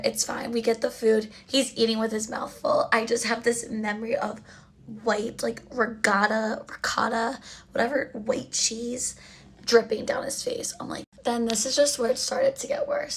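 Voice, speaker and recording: A young woman casually telling a storytime while getting ready, chatty and exasperated, dropping to a low mutter for asides. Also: a little hiss or hum.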